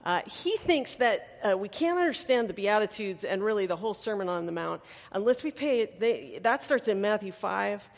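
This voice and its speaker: A woman pastor giving a sermon in a conversational, animated way, with touches of humor. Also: mid-range voice, moderate pace, few pauses. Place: church hall. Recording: long hall reverb.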